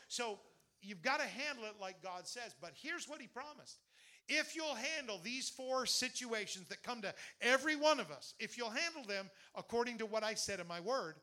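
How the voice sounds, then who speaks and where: A male pastor preaching an animated sermon, telling stories and leading the congregation in call-and-response. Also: sits high.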